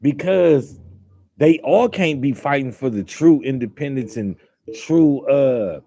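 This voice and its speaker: Slow, mellow-voiced man musing aloud. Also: medium pitch, lively intonation, dry recording. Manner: rambling, with fillers and repeated restarts; rhetorical questions, mock-quoting others. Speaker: podcast host. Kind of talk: casual commentary monologue.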